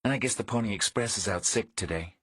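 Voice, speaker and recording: A man's voice: on the low side, fast, a bit bright, husky, no echo, voice pushed up. A male audiobook narrator voicing a wary woman of about forty who answers tersely and evasively. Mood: guarded.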